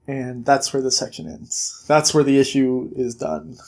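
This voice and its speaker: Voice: medium pitch, steady tone, unhurried, vocal fry, few pauses. Chatty comic book recapper. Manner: chatty, retells scenes with quoted lines.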